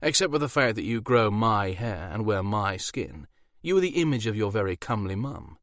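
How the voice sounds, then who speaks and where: A man's voice: lowish voice, very animated, moderate pace, a bit bright, dry recording, clean studio sound. A man voicing a smug, charming incubus demon who teases his grown daughter. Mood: teasing. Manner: teasing, indulgent, sly.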